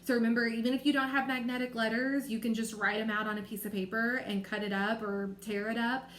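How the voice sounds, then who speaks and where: Woman, teacher, kids' reading lesson, sounds out words slowly, echoey room, faint noise. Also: a little high, steady tone, fairly bright tone. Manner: slow, clearly sounding out letters and words. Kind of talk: remote reading lesson for young children.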